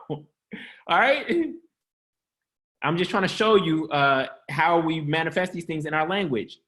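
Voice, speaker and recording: Playful high-voiced man preaching. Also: animated, measured pace, long pauses, bright, forceful tone. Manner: playful, laughs often, quizzes the audience; casual, slangy delivery. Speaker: host of an online church-style teaching. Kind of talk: upbeat motivational preaching.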